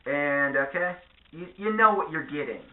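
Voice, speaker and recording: Animated ranting man, tinny echoey sound. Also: fairly high pitch, moderate pace. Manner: sarcastic, profane, animated. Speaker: vlogger. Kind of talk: ranting monologue.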